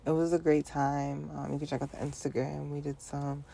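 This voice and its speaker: A woman hosting her own solo podcast, talking to the listener in a relaxed, reflective way with playful asides and frequent laughter. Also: low voice, moderate pace, vocal fry. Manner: playful, laughs often, talks to listener directly; casual speech with repeated phrases. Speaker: podcast host.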